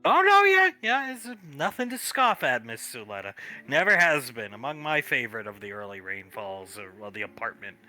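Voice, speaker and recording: Man, very bright voice, role-play chat, laughing storyteller, faint music behind. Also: mid-range voice, sing-song, normal speed. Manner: laughing storyteller, narrates his own actions. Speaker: tabletop role-play player.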